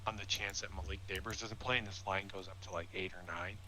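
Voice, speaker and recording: A man's voice: sits low, fairly even intonation, fast, bright, forceful tone, slight background noise, poor audio. A man giving casual sports opinions, emphatic and sometimes sarcastic. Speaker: guest, sports analyst.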